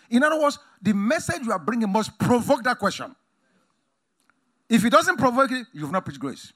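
A man preaching a sermon emphatically, swinging between loud exclamations and quiet asides. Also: extremely high pitch, sing-song, normal speed. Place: conference hall.

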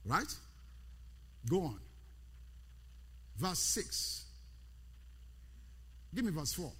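A man's voice: on the high side, big pitch swings, very slow, sharp tone, husky. A man preaching a sermon, repeating key words with rising emphasis and calling out to his congregation. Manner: calls out to the congregation by name. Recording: long hall reverb.

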